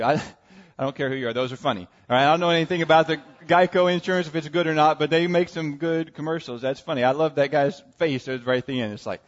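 American pastor preaching in a reverberant hall. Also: male voice, on the high side. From United States. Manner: storytelling with humor, frequent asides to the audience. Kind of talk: sermon. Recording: dull, muffled sound with long hall reverb.

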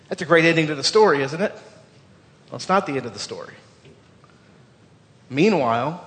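A man preaching a sermon in a fairly high voice, earnest and conversational. He restarts and repeats words as he presses the congregation with questions. His voice rings with the long reverb of a large church hall. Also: a bit bright. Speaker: pastor. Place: church sanctuary.

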